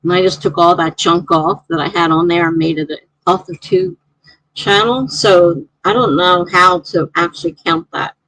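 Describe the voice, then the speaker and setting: Woman rambling thru her stream chat, kinda gravelly, dry close sound. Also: lowish voice, no room sound, poor audio. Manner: chatty, rambling, reads viewer comments aloud. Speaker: live-stream host reading chat. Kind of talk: casual live-stream chat.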